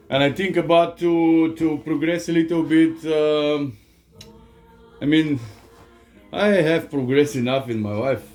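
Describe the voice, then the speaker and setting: A man from Bulgaria with a Bulgarian accent, chatting casually in a home workshop as a vlogger, rambling and halting with many fillers and small chuckles. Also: mid-range voice, a little mellow. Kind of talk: casual vlog chat.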